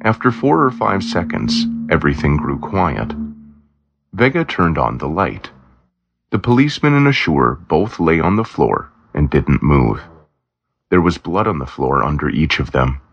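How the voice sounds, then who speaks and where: Deep gravelly male storyteller. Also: sing-song, a little slow. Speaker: narrator. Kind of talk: storybook narration. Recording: dull lo-fi recording.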